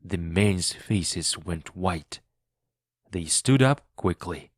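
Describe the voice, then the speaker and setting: A man reads a storybook aloud for language learners in a clear, deliberate way. His voice sits low, and he takes his time over every phrase. The recording is dry and close, with no room sound. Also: animated, no room sound. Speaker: narrator and English teacher. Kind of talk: slow audiobook reading for learners.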